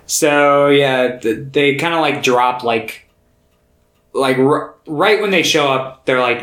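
Brief: easygoing male co-host, mid-pitched, loose filler-heavy talk, echoey room. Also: animated, measured pace, fairly bright tone. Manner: laid-back, filler-heavy recaps. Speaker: podcast co-host. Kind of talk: casual film discussion. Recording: roomy echo.

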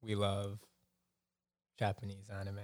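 A man's voice: lowish voice, monotone, measured pace, a little mellow, no room sound, studio quality. A man chatting casually on a podcast, rambling and hedging as he tells stories, with some swearing. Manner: rambling, hedging, profane storyteller. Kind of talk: casual chat.

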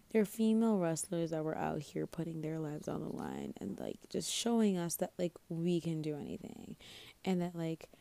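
A woman's voice: deep voice, gravelly, dark tone. Sleepy, rambling young woman podcaster. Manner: scatterbrained, sleepy, self-mocking, swears casually. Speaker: podcast host. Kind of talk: rambling solo podcast chat.

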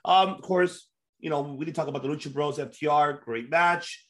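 A man hosting a casual wrestling podcast, excitable and swearing freely, laughing often. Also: on the high side, moderate pace. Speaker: podcast host.

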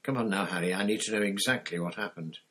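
A man reading an audiobook, voicing a gruff, menacing old male wizard in a low, deliberate way. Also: a bit bright, lightly acted. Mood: coaxing. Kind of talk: audiobook character voice.

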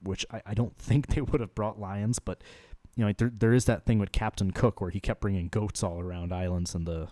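Low-voiced man rambling in casual chat. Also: fairly even intonation, brisk, warm tone, dry recording. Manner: rambling, swears freely, jokey. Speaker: podcast co-host.

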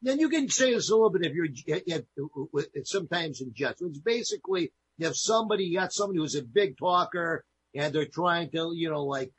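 A man's voice: fairly high pitch, expressive, brisk, a little hiss or hum, low-quality recording. A man co-hosting a casual chat show, jovially explaining phrases to listeners. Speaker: co-host. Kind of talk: casual radio-style chat.

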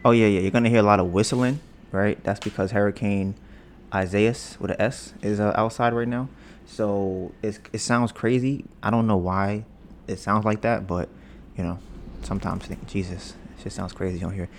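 A young man talks loosely into his podcast mic at home, wandering from topic to topic and joking about his own smooth voice. His voice sits low, with a faint hiss in the background. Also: fairly even intonation, normal speed. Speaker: podcast host. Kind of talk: casual podcast chat. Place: home, storm outside. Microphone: podcast mic with headphones.

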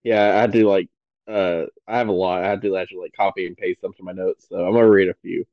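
A man with a slightly low voice chats on a podcast, eager and rambling, with plenty of "um" and "like." The sound is a bit dull and lo-fi, and dry with no room echo. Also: fairly even intonation, quick pace. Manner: enthusiastic, rambling with many fillers. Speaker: podcast guest. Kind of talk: casual podcast chat.

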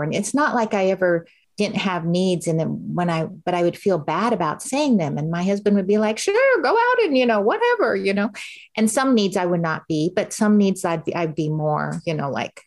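Middle-aged woman, lowish voice, candid storytelling, animated, acts out quoted voices. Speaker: interview guest.

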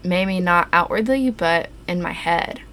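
A young woman co-hosting a faith podcast, reading her prepared points in a steady way. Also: fairly low pitch, unhurried, slight background noise. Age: young adult. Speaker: podcast co-host. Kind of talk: casual faith discussion.

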